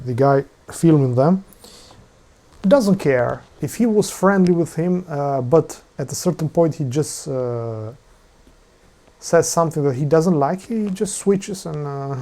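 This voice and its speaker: Male stream host, slightly higher voice, halting, mocking commentary. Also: animated, creaky, mellow. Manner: halting, many fillers and restarts, mocking. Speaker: live stream host reacting to a video. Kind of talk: casual commentary.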